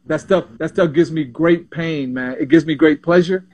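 A man in his sixties from Panama, a former basketball player telling stories as an interview guest, animated and often repeating himself. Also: on the high side, moderate pace. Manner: animated, repeats and restarts words. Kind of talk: casual interview storytelling.

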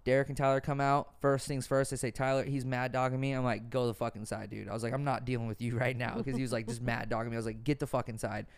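A man's voice: mid-range voice, steady tone, fast, creaky, few pauses. A young man hosting a casual podcast, telling earnest stories peppered with swearing. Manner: earnest, profane storytelling. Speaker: podcast host.

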